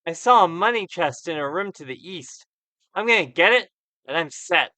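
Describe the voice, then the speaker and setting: A man voicing a terrified gibbering madman in a computer role-playing game, shouting in frantic babbling bursts. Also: high voice, expressive, normal speed, no room sound, voice pushed up. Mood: sly. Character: terrified gibbering madman, adult male survivor. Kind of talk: reading game text aloud.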